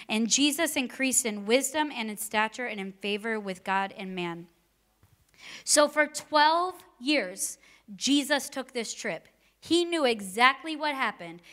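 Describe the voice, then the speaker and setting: A woman's voice: sits high, bright, forceful tone. A woman preaching a sermon in a conversational way, mixing scripture with personal stories and rhetorical questions.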